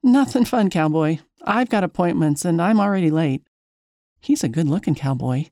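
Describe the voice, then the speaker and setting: A woman's voice: lowish voice, lively intonation, normal speed, warm tone, no room sound, clean studio sound. Wry woman narrating a story. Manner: chatty, wry, self-mocking. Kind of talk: first-person story narration.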